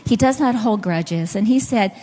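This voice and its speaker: Her voice has a dark tone and plenty of expression, sitting at medium pitch and moving at a moderate pace, with the sound of a large room around her. This middle-aged woman is delivering a sermon, weaving in stories and addressing the congregation directly.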